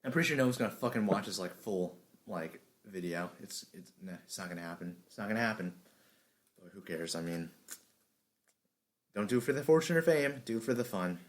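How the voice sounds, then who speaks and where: A man recording an anime review, shouting lines with energy between low, mumbled, profane asides and retakes. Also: lively intonation, brisk. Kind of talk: unscripted commentary recording with retakes.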